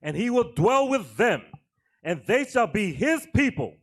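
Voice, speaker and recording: A man reading scripture aloud in a church service, slow and measured. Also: high voice, very animated.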